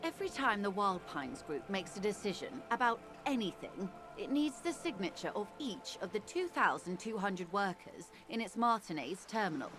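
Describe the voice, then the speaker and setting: Very animated yet close to her everyday mid-range voice, a woman performs game dialogue. The character she plays is a middle-aged negotiator, poised and formal, who speaks with polished diction and stays composed and measured.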